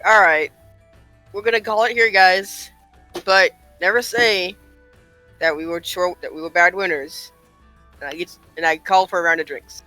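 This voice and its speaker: Bright, high-voiced man joking at the table. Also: fairly even intonation, no room sound, faint music behind, low-quality recording. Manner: joking, quick asides. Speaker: player. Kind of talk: tabletop game banter.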